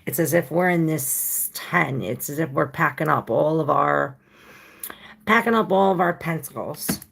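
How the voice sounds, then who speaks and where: Woman, tarot reader, very low voice, heavy vocal fry, rambling casual chat. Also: measured pace, a bit bright. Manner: rambling, loose and informal, with many fillers; chatty, talks to viewers directly.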